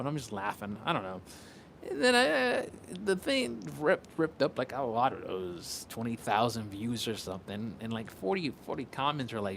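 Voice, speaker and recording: A man's voice: medium pitch, big pitch swings, normal speed, vocal fry, fairly bright tone, a little hiss or hum. Rambling, swearing man chatting on a livestream. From Puerto Rico. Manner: rambling, repeats words and restarts, swears often. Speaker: content creator. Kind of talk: casual livestream chat.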